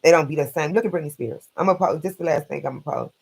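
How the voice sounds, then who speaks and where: A man's voice: fairly high pitch, fast, vocal fry, husky. A man hosting a casual late-night live stream, rambling bluntly and profanely through his opinions.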